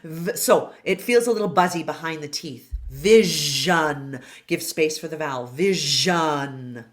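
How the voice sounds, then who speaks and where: A woman with a slightly low voice runs a pronunciation lesson at a very unhurried pace. She sounds out consonants and vowels one by one and over-enunciates each word for the learners. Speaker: singing and pronunciation teacher.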